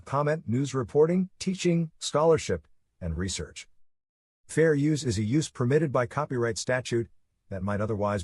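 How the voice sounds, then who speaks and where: Husky man reading a disclaimer. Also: mid-range voice, darkish tone. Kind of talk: read legal disclaimer.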